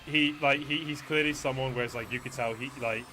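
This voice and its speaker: A man's voice: mid-range voice, steady tone, brisk, pushed and bright, faint music behind. A man hosting a casual gaming stream, rambling with many fillers and restarts and swearing freely. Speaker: streamer host.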